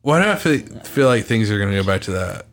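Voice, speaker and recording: A man hosting a podcast, talking casually and bluntly, swearing freely and slowing down to stress his points. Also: on the low side, sing-song. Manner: blunt, profane, slows for emphasis. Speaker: podcast host.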